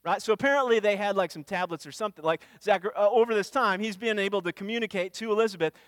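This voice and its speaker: A man's voice: high voice, quick pace, a bit bright, no echo, in a large hall. Man preaching a casual sermon. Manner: casual storytelling, acts out quotes. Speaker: pastor.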